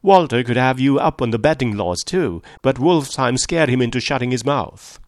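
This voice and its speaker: Man voicing an arrogant domineering rich man, sneering, loud, dry close sound. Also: medium pitch, animated, normal speed, dry recording, voice pushed up, close to an everyday voice. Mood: accusing.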